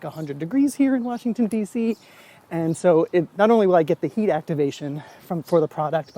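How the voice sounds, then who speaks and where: A man's voice: high-pitched, mellow. A man in his forties chatting casually in a vlog, reviewing a hair product in a rambling, self-deprecating way. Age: 40s.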